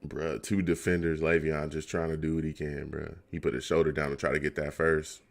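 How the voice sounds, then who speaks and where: A man's voice: extremely low pitch, flat delivery, fairly quick, gravelly. A young man on a live stream reacting to a football game, laughing constantly and exasperated, talking in slang to his chat.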